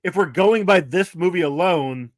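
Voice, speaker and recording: High-voiced, easygoing male podcast co-host. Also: normal speed, no room sound, studio quality. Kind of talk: casual movie-review chat.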